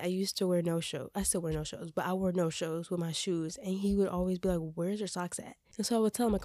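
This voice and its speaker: A woman's voice: on the low side, darkish tone, dry recording, clean studio sound. A young woman hosting a casual chat podcast, chatty and opinionated, and her voice sounds congested. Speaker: podcast host.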